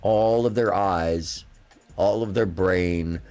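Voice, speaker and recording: This livestream call-in host sits low in pitch and speaks slowly, his tone darkish yet clean, with faint music behind him. In a casual chat with callers, he rambles through stories with emphasis and lets his pace drift.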